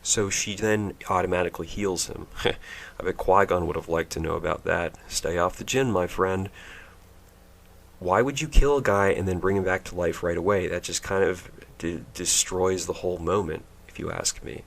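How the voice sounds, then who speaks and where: A man with a low, deep voice talks through a movie review in a mocking, sarcastic tone. He rambles offhand from scene to scene, pausing with fillers as he picks his next complaint. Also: creaky. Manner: mocking, mimics characters in silly voices.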